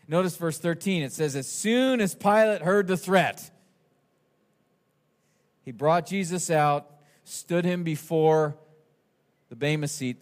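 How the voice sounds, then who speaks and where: A man preaching an expository sermon, animated and swinging from quiet asides to shouted quotes. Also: on the high side. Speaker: pastor.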